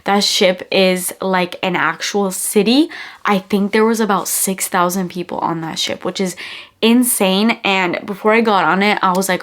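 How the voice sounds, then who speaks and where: A woman's voice: medium pitch, steady tone, normal speed. A young woman with a congested, stuffy nose, chatting in a gushing, casual way as she reviews perfumes in a vlog. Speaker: beauty vlogger. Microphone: camera-mounted mic.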